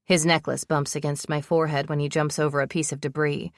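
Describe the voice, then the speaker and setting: A woman's voice: deep voice, flat delivery, fairly quick, no room sound, studio quality. A woman narrating a romance audiobook in first person, telling the story with breathless urgency.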